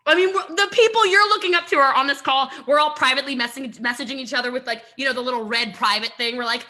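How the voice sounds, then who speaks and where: A woman's voice: sits high, fast talker, few pauses, pushed and bright. A woman giving a motivational coaching talk on a live stream, emphatic, driving points home with repetition and rhetorical questions. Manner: emphatic, repeats lines for punch, rhetorical questions. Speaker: network marketing coach.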